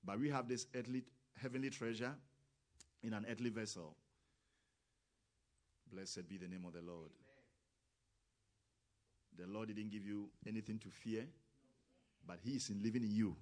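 A male preacher delivering a sermon in a somewhat low voice. He talks with grammar and acts out the voices he quotes. His delivery is emphatic and keeps building to loud exclamations. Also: normal speed, long pauses.

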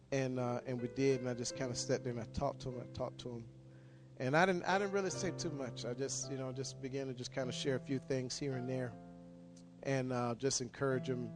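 A male pastor speaks in an earnest, repetitive way, stopping and restarting as he prays and tells a story. His voice sits at an ordinary middle pitch. A soft guitar plays faintly behind him. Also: steady tone, a little fast. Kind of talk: prayer and sermon storytelling.

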